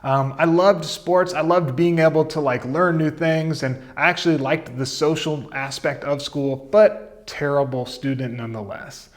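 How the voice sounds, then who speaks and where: A man in his thirties telling his career story in a relaxed, chatty way, full of fillers and asides. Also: on the high side, normal speed, hardly any pauses. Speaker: content marketing coach. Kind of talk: casual storytelling to camera.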